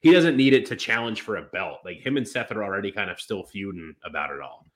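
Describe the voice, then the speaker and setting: A man's voice: on the low side, lively intonation, fast. A man co-hosting a casual wrestling podcast, rambling with lots of fillers and restarts. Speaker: podcast co-host.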